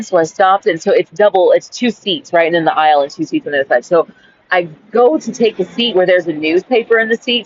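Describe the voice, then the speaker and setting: A woman's voice: on the low side, no echo. A woman who reads her old journal entry aloud, then tells the story in a frank, rambling way with lots of "like"s and a bit of swearing. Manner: rambling, with many "like"s and restarts; frank and exasperated, swears freely. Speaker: vlogger. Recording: slightly dull lo-fi recording.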